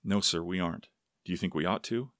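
A man's voice: deep voice, brisk, a bit bright, no room sound, clean studio sound. A man voicing an anxious, earnest young ranch hand who answers his elders politely. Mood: earnest, uneasy. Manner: polite, says "sir" to elders.

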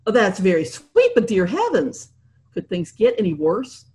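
A woman's voice: medium pitch, wildly swooping pitch, moderate pace, darkish tone, slight background noise. A woman voicing a flustered upper-crust young woman. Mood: alarmed.

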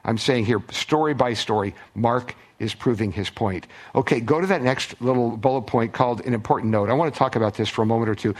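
A man's voice: medium pitch, a little fast, hardly any pauses. A man preaching a sermon as pastor, conversational, with restarts and acted-out quotes. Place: church.

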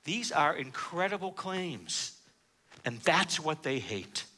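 Male pastor, sermon, animated delivery, bright tone, reads scripture then explains it. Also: on the high side, takes it slowly. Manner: expository preaching with frequent "uh" fillers.

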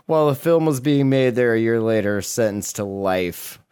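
A man's voice: mid-range voice, expressive, moderate pace, a little mellow, clean tone. A man co-hosting a comedy podcast, reading odd news stories aloud with crude, sarcastic asides. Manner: jokey, crude, reads headlines with sarcastic asides. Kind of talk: casual comedic chat.

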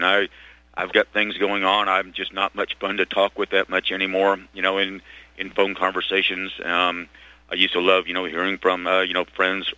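A middle-aged man rambling through a talk radio monologue, stopping and restarting his sentences with lots of fillers. His voice is on the low side but forceful and tense. The studio sound is close and dry. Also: no room sound, muffled recording. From Texas. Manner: halting, full of restarts and fillers. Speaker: radio talk show host.

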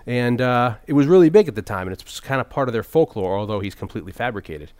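A man co-hosting a casual movie podcast, rambling and animated as he talks, with quick restarts. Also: medium pitch, no echo. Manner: rambling, animated, slips into silly impressions. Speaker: podcast co-host.

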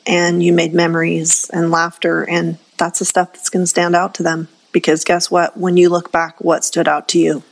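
A woman's voice: fairly low pitch, completely flat delivery, moderate pace, creaky, few pauses, low-quality recording. Earnest, encouraging woman co-host. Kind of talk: casual chat.

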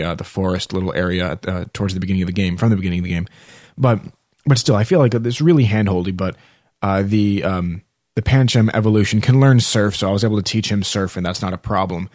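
Casual gamer guy, lowish voice, rambly, fillers and restarts, close dry mic. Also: a little mellow, no room sound. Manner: rambling, many fillers and self-corrections. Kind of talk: casual video game talk.

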